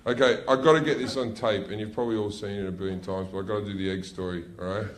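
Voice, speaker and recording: A man's voice: on the low side, fairly even intonation, quick pace, heavy background noise. A man with an Australian accent doing profane stand-up comedy on a club stage, telling a brash story to a laughing audience.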